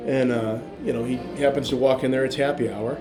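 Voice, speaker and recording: A man telling a long bar joke in a rambling, filler-heavy way, getting louder and more animated as he goes. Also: fairly quick, music in the background. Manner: rambling storytelling with many fillers, growing louder and higher toward the punchline. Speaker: joke teller.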